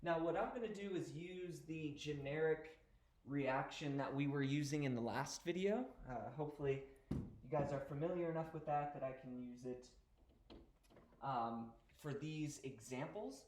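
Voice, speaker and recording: A man's voice: a little high, moderate pace, a little mellow, echoey room. A male teacher giving a casual recorded lecture, explaining step by step and often checking in with "okay?".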